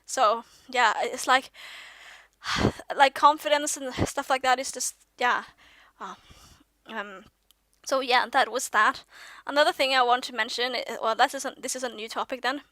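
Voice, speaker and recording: Young woman vlogger, rambling and self-correcting, mixed British-leaning accent, bright and fairly high, dry sound. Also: unhurried, no room sound. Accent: mixed British-leaning English accent. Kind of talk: casual confessional vlog monologue.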